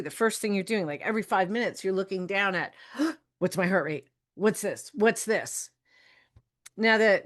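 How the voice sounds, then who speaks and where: With a mid-range, fairly bright voice, a woman runs a solo podcast as a health coach. She's chatty and frank, laughs frequently, swears casually and elongates words for emphasis.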